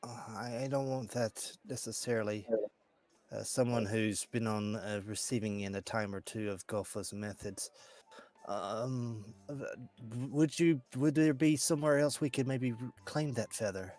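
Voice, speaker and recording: A man playing a tabletop role-playing game, speaking in character in a hesitant, halting way. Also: mid-range voice, steady tone, a little mellow. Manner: hesitant, halting, full of fillers. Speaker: player.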